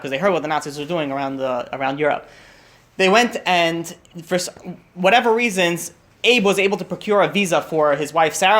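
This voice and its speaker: A young man telling a story at a holiday meal, talking fast and tumbling over his words. His voice sits somewhat high for a man, and he keeps restarting with lots of fillers. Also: fairly bright tone. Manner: rushed, restarts often, many fillers.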